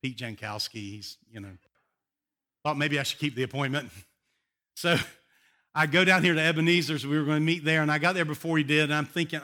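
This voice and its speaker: An older man preaching a sermon, an animated, emotional storyteller who often laughs. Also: on the high side, brisk. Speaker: pastor.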